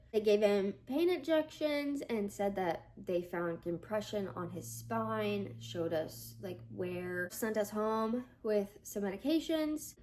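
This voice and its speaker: A woman's voice: medium pitch, a little mellow. A young woman vlogger recounting a hard personal story, chatty with lots of fillers, her voice rising as she nears tears.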